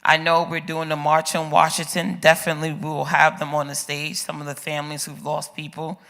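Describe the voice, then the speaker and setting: A man's voice: on the high side, completely flat delivery, fairly quick, gravelly, bright, forceful tone. A man moderating an open-mic community forum, putting pointed questions to the audience and calling people up to speak. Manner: asks the audience pointed questions, urging them up. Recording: echoey hall.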